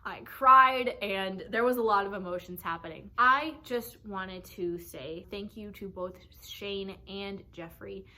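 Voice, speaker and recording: A woman's voice: medium pitch, pushed and bright. A young woman giving a heartfelt, emotional tribute to camera, swearing casually as she gushes. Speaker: fan sending a tribute message.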